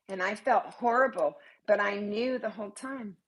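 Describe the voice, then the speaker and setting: An older woman vlogging in casual chat to camera, blunt and profane, talking on without pause. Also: medium pitch, animated, creaky, noisy background.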